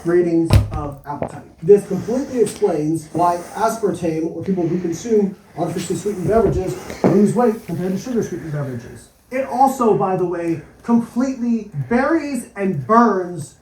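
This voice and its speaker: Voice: mid-range voice, moderate pace, few pauses, echoey room, background noise. A commentator making an emphatic argument about research findings, played from a clip. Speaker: fitness science commentator. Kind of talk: explanatory commentary.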